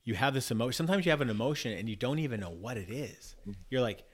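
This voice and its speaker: A man's voice: medium pitch, expressive, quick pace. A man talking in a casual podcast conversation, reflective, often restarting and repeating words as he works through ideas. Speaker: podcast guest.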